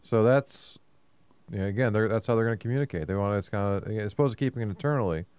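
A man's voice: on the low side, fast, a little mellow, clean tone, no room sound. A man co-hosting a business talk show in casual chat, repeating words as he talks and laughing easily. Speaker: co-host.

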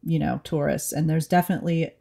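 This New Orleans podcast co-host talks fast in a low, gravelly, warm voice with fairly even intonation. She's candid and casual, working through her thoughts aloud and restarting often.

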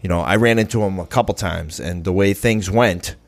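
A man's voice: deep voice, brisk, creaky. A man tells a gritty story from his past. His talk is loose and profane, and he acts out the people he quotes. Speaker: podcast guest in recovery. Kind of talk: casual storytelling.

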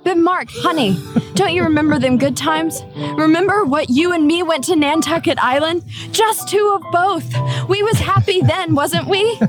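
A woman's voice: very high-pitched, normal speed, over music. An actress playing a jilted young woman pleading in melodramatic soap-opera style, with broken grammar, in a comedy sketch clip.

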